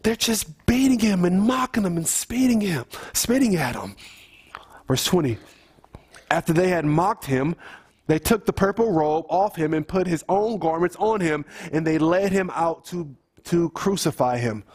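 A man with a fairly high voice reads scripture aloud to his family. He keeps breaking off into casual, emphatic commentary and restarts his sentences often. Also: lively intonation, normal speed, a little mellow, breathy edge. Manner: conversational, emphatic asides, frequent restarts. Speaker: Bible study leader. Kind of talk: informal family Bible reading and commentary.

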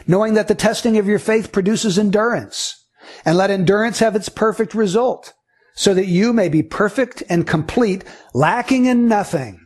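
Guy preaching a sermon, kinda high voice, breathy, earnest questions. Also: moderate pace, darkish tone. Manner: earnest teaching with rhetorical questions; reads scripture aloud.

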